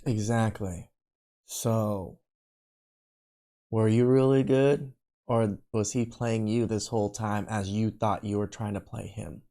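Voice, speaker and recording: A man's voice: on the low side, fairly even intonation, slow, creaky, dark tone. A man co-hosting, asking probing, skeptical questions in casual chat.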